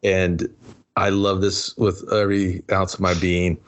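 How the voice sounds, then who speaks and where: Low-voiced man in profane podcast banter. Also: unhurried. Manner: excited, swears freely, acts out characters. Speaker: podcast co-host. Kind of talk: casual profane chat.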